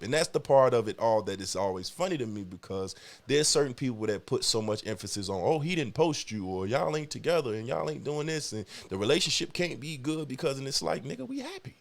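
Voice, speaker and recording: A man's voice: mid-range voice, lively intonation, a little fast, creaky. A young man hosting a podcast, ranting bluntly and profanely in casual talk. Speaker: podcast host.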